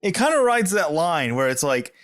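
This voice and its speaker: A man's voice: fairly high pitch, very animated, normal speed, a bit bright. A man co-hosting a podcast in casual chat, opinionated, laughing easily and swearing offhand. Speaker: podcast co-host.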